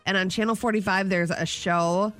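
A woman's voice: medium pitch, steady tone, moderate pace, a bit bright, soft background music. A woman co-hosting a radio show, chatting playfully and teasing her co-host. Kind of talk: casual morning radio banter.

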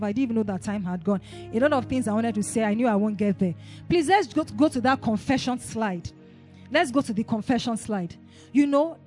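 A woman pastor, preaching a sermon and asking the congregation call-and-response questions. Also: fairly high pitch. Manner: rising to shouted declarations.

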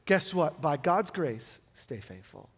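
Emphatic high-voiced man preaching in a reverberant hall. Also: big pitch swings, slow, breathy edge. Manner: emphatic, swings from loud to hushed; casual, conversational preaching. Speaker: pastor. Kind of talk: sermon. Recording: long hall reverb with music behind.

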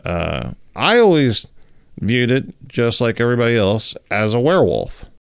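A man co-hosting a casual chat, telling stories in a laid-back, drawn-out way. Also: mid-range voice, sing-song, creaky, smooth, dry recording, clean studio sound. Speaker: podcast co-host.

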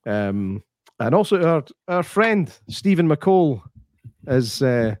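Scottish male podcast co-host, sweary, animated storyteller, dry close sound. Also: a little high, slow, dry recording. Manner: sweary, animated storyteller who acts out quotes. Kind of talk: casual chat.

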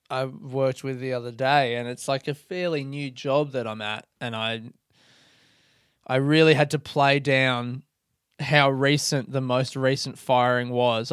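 A man's voice: medium pitch, smooth, no echo, clean studio sound. A young man talking in a rambling, self-deprecating casual monologue, swearing freely.

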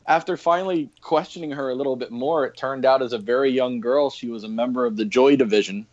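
A man's voice: mid-range voice, fast talker, hardly any pauses. A man on a podcast casually telling rambling anecdotes about his past jobs, with lots of fillers and laughs. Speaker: podcast guest, former historic fort coordinator and EMT. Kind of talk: casual interview storytelling. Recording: dull lo-fi remote audio.

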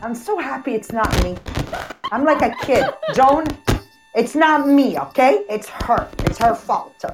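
A woman's voice: high voice, a little slow. Joking woman in her fifties on a noisy call. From Montreal, Quebec. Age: 50s. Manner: teasing, joking, animated. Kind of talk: casual chat. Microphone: video call. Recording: noisy video call audio.

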